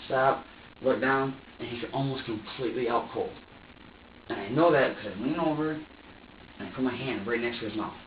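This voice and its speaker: A man's voice: medium pitch, normal speed, a little hiss or hum. Rambling, swearing man in an echoey room. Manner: rambling and profane, full of restarts, acts out his own thoughts. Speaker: suspect being questioned. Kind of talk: police interrogation, rambling account. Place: interrogation room. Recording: distant, echoey, dull room recording.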